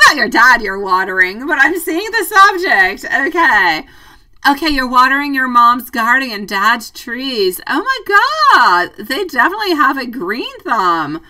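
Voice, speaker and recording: Here the tarot reader sounds a little high, with a pushed, bright quality, and the recording is rough with her well away from the mic. She chats warmly through viewer comments on her live stream, laughing a lot and calling people sweetie.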